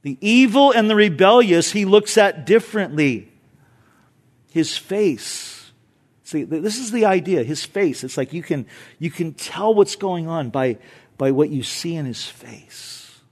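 A middle-aged male pastor preaching a sermon in a church, emphatic and conversational, dropping to hushed tones for tender points. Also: on the high side, expressive, unhurried. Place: church sanctuary.

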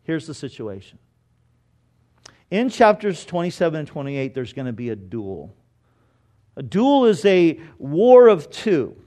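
A male preacher with a slightly higher voice delivers a sermon as lively storytelling. He swings from loud, emphatic bursts to low, quiet asides. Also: a little slow, pauses often. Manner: animated storytelling, rising loud for emphasis then dropping low.

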